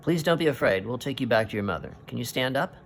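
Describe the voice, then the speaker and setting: A man reading aloud as a polite, calm young male reporter in a comic, speaking gently. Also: medium pitch, fast talker, slight background noise, pitched above the performer's own voice, natural voice. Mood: reassuring. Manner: gentle, reassuring.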